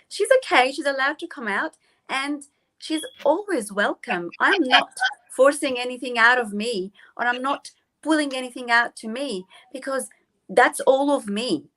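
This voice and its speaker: A woman guest on a talk show, speaking reflectively and haltingly with many pauses and fillers. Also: sits high, expressive, fairly bright tone. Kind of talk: casual reflective chat.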